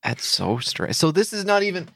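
A man's voice: high-pitched, big pitch swings, normal speed, vocal fry, a bit bright, no echo, clean studio sound. A man co-hosting a comedy podcast, riffing with sarcastic disbelief in casual chat. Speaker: podcast co-host.

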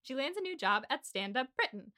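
An American woman with a bright, sharp voice, pitched a little high. She chats casually on a podcast and walks through a film's plot in long, breezy summaries. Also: big pitch swings, a little fast. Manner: retells film plots in long, breezy summaries.

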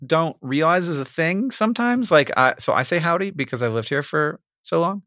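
A man hosts a casual podcast, his voice fairly high, bright and dry with no room sound. He talks in an animated, laughing way. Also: normal speed, no echo. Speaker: podcast host.

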